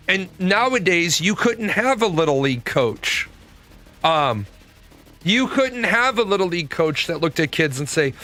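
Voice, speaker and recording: A man in his forties talks on a live stream in a loose, profane rant, full of stories. His voice sits high and bright, and faint music plays behind him. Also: a little slow. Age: 40s. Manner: profane, animated storytelling. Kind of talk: ranting casual talk.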